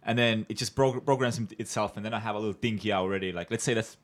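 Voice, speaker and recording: Low-voiced man with an Eastern European accent. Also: fast talker. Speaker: podcast guest. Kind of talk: casual chat.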